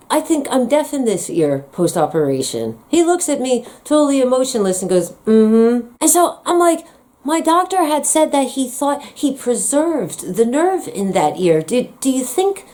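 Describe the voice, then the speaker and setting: A woman's voice: a little high, a little mellow. A woman vlogger delivering an angry personal rant, blunt and profane with sarcastic asides.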